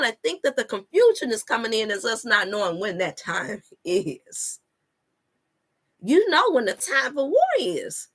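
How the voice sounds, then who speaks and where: A woman speaks to her online viewers in a fairly high, bright voice. She preaches with emphatic repetition and scripture references, addressing the audience as "you all.". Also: sing-song, measured pace, slightly rough. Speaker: wellness coach and channel host. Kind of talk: live-stream preaching talk.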